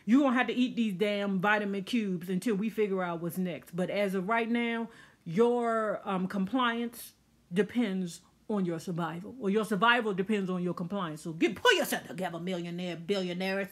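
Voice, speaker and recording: Brief: chatty, sassy woman, casual recap vlog, mid-pitched, lots of asides. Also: normal speed. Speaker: TV recap vlogger.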